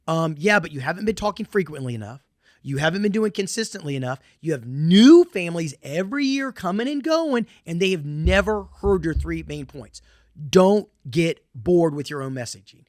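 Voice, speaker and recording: A man's voice: fairly high pitch, expressive, fairly quick, no room sound, studio quality. A middle-aged man with a Southern US accent, giving a conference presentation in an emphatic, repetitive way with folksy asides.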